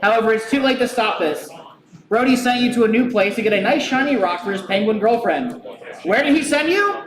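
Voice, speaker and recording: High-voiced man running a live game. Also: animated, a little fast. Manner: laughing, loose, joking narration. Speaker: game master. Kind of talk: live tabletop game narration. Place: brewery, live show. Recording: roomy live venue with crowd. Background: crowd.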